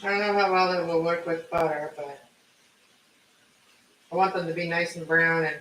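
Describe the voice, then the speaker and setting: A man's voice: fairly high pitch, level tone, moderate pace. Chatty man cooking, camera far off. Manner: rambling, self-correcting, chatty. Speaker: cooking vlogger. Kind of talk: casual live-stream chat while cooking. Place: home kitchen. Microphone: camera set away from the stove. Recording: echoey kitchen, distant camera mic, faint noise.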